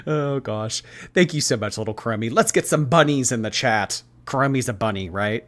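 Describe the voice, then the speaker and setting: Male streamer, chatty commentary host, mid-pitched voice. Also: sing-song, a little fast, fairly bright tone. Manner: reacts to clips, thanks viewers by name. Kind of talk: casual livestream commentary.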